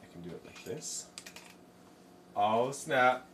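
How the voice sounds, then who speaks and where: A man with a medium-pitched, animated voice talks slowly as he paints on a live stream. He rambles and jokes casually, speaking to his chat and to himself. The voice is picked up off-mic from far away, with faint room noise.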